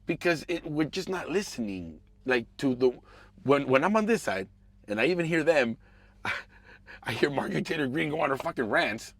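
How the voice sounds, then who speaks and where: Male podcast host, casual political rant with lots of swearing, lively and varied pitch. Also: moderate pace, no room sound. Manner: animated, profane, swings between mumbling asides and raised outbursts.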